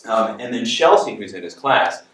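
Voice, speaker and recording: Middle-aged guy telling an animated story at a talk, lowish voice, echoey room. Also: moderate pace. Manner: animated, anecdotal, acts out dialogue. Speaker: speaker and coach. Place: lecture room. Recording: roomy hall, distant mic.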